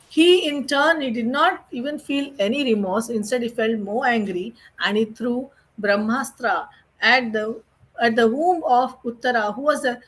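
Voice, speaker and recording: A woman's voice: a little high, fairly bright tone, low-quality recording. A woman teaching a scripture lesson, retelling the stories off the cuff with many fillers and restarts. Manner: unscripted, with frequent fillers and restarts.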